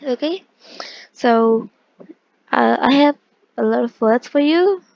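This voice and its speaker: Higher-voiced woman teaching, self-correcting often. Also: animated, takes it slowly, gravelly, darkish tone, no room sound, lo-fi sound. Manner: explains step by step, with frequent self-corrections and fillers. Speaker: Korean language teacher. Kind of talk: online language lesson.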